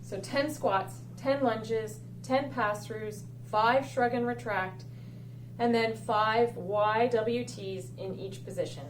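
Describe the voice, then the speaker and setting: A woman fitness instructor giving clear step-by-step coaching cues for a home workout. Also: on the high side, fairly even intonation, slow pace, recorded from a distance. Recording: roomy echo, off-mic, faint hum.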